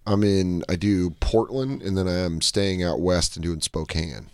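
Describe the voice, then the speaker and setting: Brief: low-pitched man, deadpan co-host, close dry studio mic. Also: measured pace, smooth, no room sound. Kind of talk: deadpan comedic banter. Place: radio studio.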